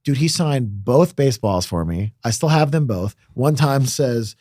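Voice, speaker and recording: A man guesting on a podcast in casual chat, an excitable anecdote teller who swears freely. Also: mid-range voice, measured pace, dry recording, clean studio sound. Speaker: guest musician.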